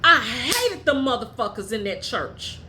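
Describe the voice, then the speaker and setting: Woman, podcast host, blunt, profane, heated, fairly high voice, faint hiss behind. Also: sing-song, measured pace. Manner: drops low and quiet when telling family matters. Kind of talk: candid personal storytelling.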